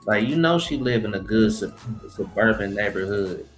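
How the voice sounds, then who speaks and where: A man's voice: fairly low pitch, animated, normal speed, faint music behind, low-quality recording. A man co-hosting a casual podcast, ranting in a heated, profane way. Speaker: podcast co-host. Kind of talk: casual chat.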